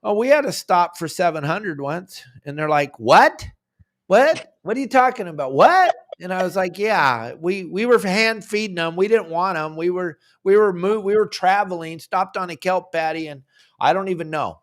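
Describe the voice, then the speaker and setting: A man's voice: high voice, moderate pace. A man hosting a fishing podcast, telling stories animatedly with playful impressions. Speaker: podcast host. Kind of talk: casual chat.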